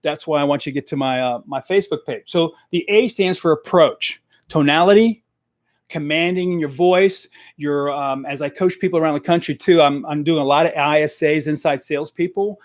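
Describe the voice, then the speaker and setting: A man coaching salespeople with direct, energetic drive, hammering his points home by repeating them. His voice sits a little high for a man. It is recorded close and dry on a desk microphone, with no room sound. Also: normal speed, no room sound. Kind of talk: live-streamed coaching talk.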